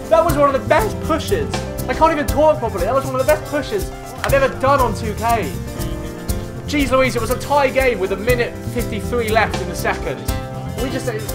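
Hyped gamer man, shouting over music. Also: high voice, animated, fairly quick. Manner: hyped, shouts and swears at the game. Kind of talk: excited gameplay commentary. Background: game music.

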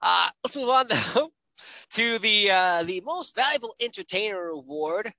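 Woman chatting wrestling, bright voice, bouncy pitch, dry sound. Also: a little slow, no room sound. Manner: animated, acts out quoted voices. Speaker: wrestling show co-host. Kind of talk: casual chat.

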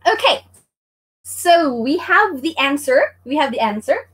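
A woman's voice: sits high, sing-song, a little slow, fairly bright tone. A woman hosting a livestream Japanese lesson, bubbly and laughing often as she greets viewers by name. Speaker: online Japanese teacher.

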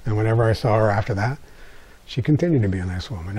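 An older man from the United States, an author, telling a personal story with animated, wry delivery and quiet asides. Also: on the low side, fast talker, husky.

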